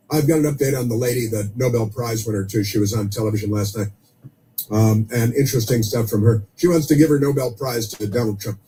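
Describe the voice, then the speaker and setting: A male talk radio host with a mellow, darker tone, speaking at a middling pitch. He talks in a scornful, sarcastic manner, stacking up cutting asides. A faint hum of background noise sits under his voice. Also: brisk, rough recording. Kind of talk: political talk radio monologue.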